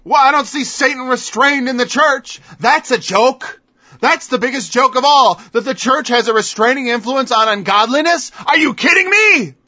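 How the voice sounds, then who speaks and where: Man, preacher, high voice, tense bright tone, emphatic sermon, mocking questions. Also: moderate pace, no room sound. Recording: dull lo-fi dry recording.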